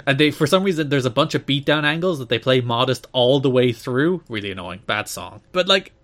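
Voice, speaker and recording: A man's voice: medium pitch, lively intonation, a little fast, a bit bright. A man co-hosting a casual podcast, rambling and sarcastic, often breaking into laughter. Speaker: podcast co-host.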